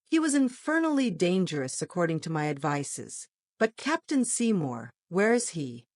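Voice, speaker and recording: A woman reading the part of an excitable army colonel, speaking in a clipped, brisk manner. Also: lowish voice, no echo, clean studio sound. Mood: eager.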